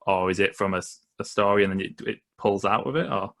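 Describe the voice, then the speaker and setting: A man hosting a podcast in a relaxed chat, his voice a bit low and his delivery quick. He asks rambling, hesitant questions padded with fillers. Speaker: podcast host. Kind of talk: casual interview chat.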